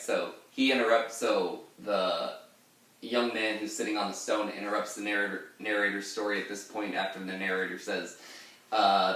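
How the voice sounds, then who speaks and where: A man in a fairly low voice talks through a poem casually, wandering into asides and filling gaps with "uh". He sounds distant from the mic, in a very echoey room. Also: bright, forceful tone. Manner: chatty and digressive, many "uh" fillers. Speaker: poetry teacher. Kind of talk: casual literary explanation.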